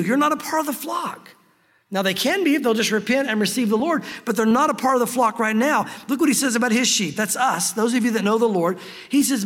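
A pastor preaching a sermon earnestly, slowing down to stress key phrases. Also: male voice, very high voice, animated, in a large hall.

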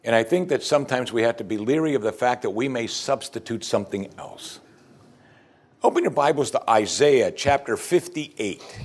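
A man's voice: mid-range voice, animated, moderate pace. A male pastor preaching a sermon, building emphasis and pressing his listeners with pointed questions.

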